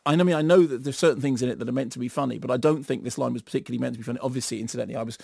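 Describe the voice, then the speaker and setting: A middle-aged man giving an animated, sardonic film review in a radio studio, acting out bits in silly voices. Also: medium pitch, rapid-fire, gravelly, slightly rough, dry recording. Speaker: film critic.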